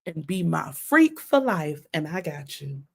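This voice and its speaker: A slow, mock-sultry seducer drawls every word, as a woman puts on his voice. He sounds low and smooth, stretching each phrase as if he were savoring it. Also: big pitch swings, heavily acted. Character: smooth-talking man sending seductive texts.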